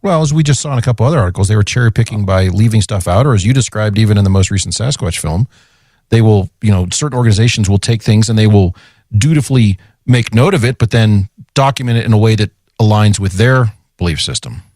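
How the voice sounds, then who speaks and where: Animated male podcast co-host. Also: on the low side, fast talker, dry recording, studio quality. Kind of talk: casual chat.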